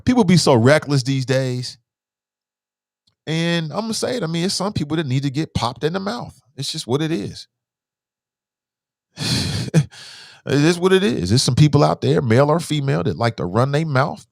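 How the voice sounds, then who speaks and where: A man's voice: on the high side, animated, normal speed, vocal fry, pauses often, dry recording, clean studio sound. A man hosting a call-in talk show. He speaks in a loose, blunt way, using slang and swearing, and he reads listener messages aloud. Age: adult with children. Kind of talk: casual opinionated talk show commentary.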